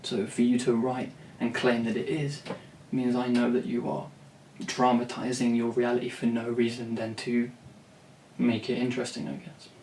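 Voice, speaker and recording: A man's voice: medium pitch, monotone, moderate pace, a little mellow, slight background noise. A man rambling to camera about songwriting, blunt and swearing freely, with many restarts. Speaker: songwriter and vlogger. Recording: roomy, distant from the mic, faint ambience.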